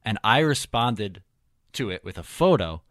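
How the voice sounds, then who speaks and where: Brief: young man, lowish voice, podcast host, dry close sound, relaxed storyteller. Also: a little slow, dry recording. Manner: laid-back, joking storyteller. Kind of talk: casual hockey podcast chat.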